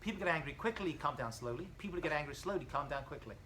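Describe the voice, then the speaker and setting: A man lecturing as a rabbi in a college classroom, lively and storytelling, acting out characters as he goes. His tone is bright and forceful. A faint hum of the room sits under the voice. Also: a little high, very fast, rough recording. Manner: animated storyteller, acts out dialogue, jokes with students.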